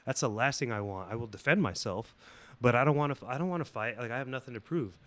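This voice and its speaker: A man's voice: mid-range voice, quick pace. A man guesting on a podcast, telling a story in casual, rambling, swear-heavy talk. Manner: profane, rambling, animated.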